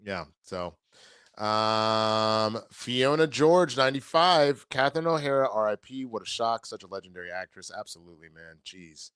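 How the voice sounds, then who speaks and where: Easygoing guy host reading chat out loud, smooth voice, dry close mic. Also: on the low side, lively intonation, normal speed, no echo. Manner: laid-back, reads viewer comments aloud with filler and restarts. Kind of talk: casual chat.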